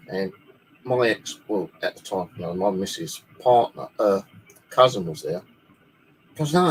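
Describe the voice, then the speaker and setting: A man with a lowish voice tells a story in a loose, rambling way. He swears freely as he talks. There is a faint hiss behind him in his bedroom. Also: rough recording. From United Kingdom. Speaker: paranormal channel host. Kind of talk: casual storytelling.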